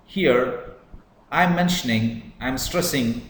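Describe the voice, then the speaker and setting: A man giving a measured lecture on public speaking, stressing words to demonstrate emphasis. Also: mid-range voice, expressive, roomy sound, slight background noise, rough recording. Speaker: English teacher. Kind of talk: slow deliberate lecture.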